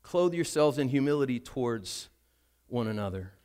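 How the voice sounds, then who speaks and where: A man's voice: mid-range voice, lively intonation, normal speed, mellow, smooth. An older man preaching a sermon as a pastor, telling a story about himself in a chatty, self-deprecating way.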